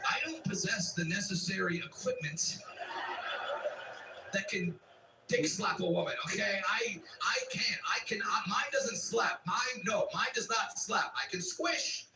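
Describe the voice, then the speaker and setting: A man performing a stand-up comedy routine, loud and ranting, breaking into shouts on his punchlines. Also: high voice, a little slow, very noisy. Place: comedy club stage. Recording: echoey club room, heard from a distance.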